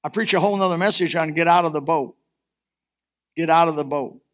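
A man's voice: a little high, fairly quick, a bit bright. A man preaching a sermon, swelling and dropping in force as he reads scripture and applies it. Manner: impassioned preaching, rising and falling in force. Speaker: pastor.

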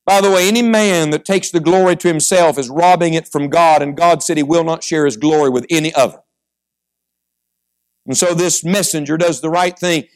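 Male preacher, high voice, middle-aged, fervent sermon delivery with soft storytelling. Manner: swings between quiet storytelling and rising fervent exhortation.

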